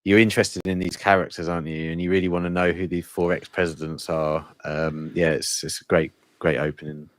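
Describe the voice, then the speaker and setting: Deep-voiced podcast guest. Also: male voice, little pitch movement, a little fast, hardly any pauses, dry recording. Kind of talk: casual film-review chat.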